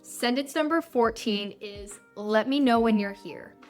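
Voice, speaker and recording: A young woman, teaching English phrases in a clear, friendly lesson style. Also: on the high side, unhurried, soft background music. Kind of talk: scripted lesson narration.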